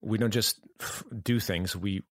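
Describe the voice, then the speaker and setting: A man talking as a podcast guest, reflective and halting, often restarting his sentences as he thinks aloud. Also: fairly low pitch, fairly even intonation, a bit bright, dry recording, studio quality. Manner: halting, thoughtful, many restarts. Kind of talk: reflective conversation.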